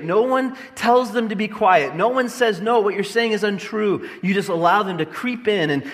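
Man, pastor, sermon, passionate, emphatic, slightly high voice. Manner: passionate, swings between loud emphatic lines and quiet low ones. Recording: long hall reverb.

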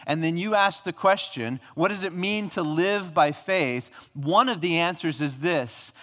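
A male pastor preaching a sermon, emphatic, swinging from loud declarations to hushed tones. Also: a little high. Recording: long hall reverb.

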